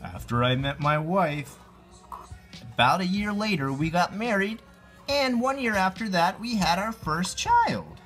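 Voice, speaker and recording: A man in his thirties narrating his life story over drawings, goofy and animated, with silly sound effects. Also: high-pitched, measured pace, soft background music.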